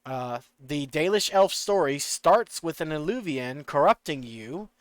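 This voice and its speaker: Excitable streamer with a clear, dry voice. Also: male voice, fairly high pitch, measured pace, dry recording. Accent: slight rural American. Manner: rambling, excitable, swears casually. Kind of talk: casual livestream chatter.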